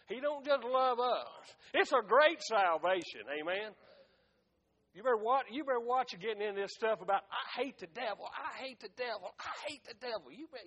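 A man's voice: high voice, fairly bright tone. A male preacher giving a fervent sermon, breaking it up with "amen" and "hey". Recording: echoey hall, dull lo-fi sound.

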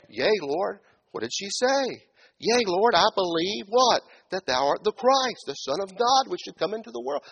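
Male preacher, husky and fairly high, big dynamic swings from hushed asides to shouting, mocks biblical characters' voices in a church sermon. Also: big pitch swings, moderate pace, muffled recording. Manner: swings between loud shouted build-ups and quiet low asides; acts out biblical speakers in mocking tones.

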